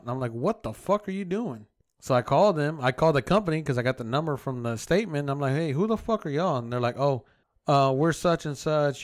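A man's voice: medium pitch, clear, resonant tone, no echo, studio quality. A man co-hosting a podcast, telling a story in casual chat and acting out both sides of a phone call, swearing freely. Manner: profane, animated retelling with quoted dialogue. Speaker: podcast co-host.

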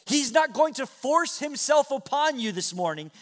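A middle-aged man preaching from the pulpit with a notably high voice. He moves earnestly between near-whispered passages and ringing, raised exclamations. The sound is of a sermon given in a church. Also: big pitch swings, normal speed. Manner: earnest preaching, swings from hushed to loud. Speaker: pastor. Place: church sanctuary.

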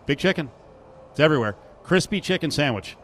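A man's voice: on the high side, animated, brisk, a bit bright, slight background noise. A man hosting a casual sports radio show from a sportsbook, chatting, joking and reading live ads. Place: sportsbook broadcast booth.

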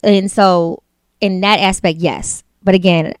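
A woman co-hosting a casual talk show, playful and teasing, using relaxed slang. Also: medium pitch, a little slow, clear, resonant tone, no room sound, clean studio sound. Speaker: podcast co-host. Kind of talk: casual chat.

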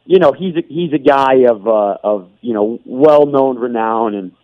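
A man's voice: medium pitch, normal speed, no echo. Chatty male broadcaster on a dull line. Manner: rambling, chatty, often laughing. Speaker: play-by-play broadcaster, guest. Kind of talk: radio interview chat.

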